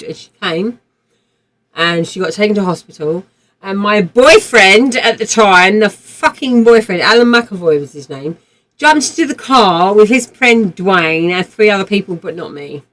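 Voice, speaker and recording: A woman's voice: on the low side, animated, normal speed, a bit bright, poor audio. Woman telling a vivid story. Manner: vivid, rambling retelling with swearing and restarts. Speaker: livestream gamer. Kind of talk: casual storytelling while streaming.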